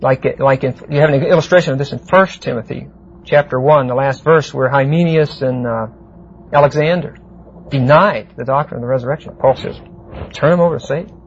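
A man teaching a verse-by-verse Bible class, explaining Greek words deliberately and often asking the class "see?". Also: medium pitch. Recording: muffled lo-fi classroom tape with faint hiss.

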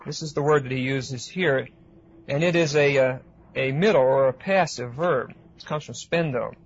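A man giving an expository Bible lecture to a class, pausing often with fillers and checking in with his listeners. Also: medium pitch, breathy edge. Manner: hesitant with frequent uh fillers, asks class questions. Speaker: Bible teacher. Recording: dull lo-fi recording.

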